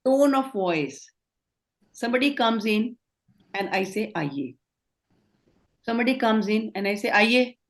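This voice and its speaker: A woman's voice: fairly high pitch, moderate pace. A middle-aged woman with an Indian accent, leading an online training session, explaining and affirming answers. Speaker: communication trainer.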